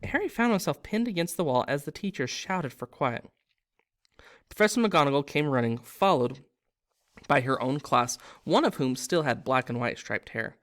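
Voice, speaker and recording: A man reading a book aloud, relaxed, with casual asides to his listeners. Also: fairly high pitch, moderate pace. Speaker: reader.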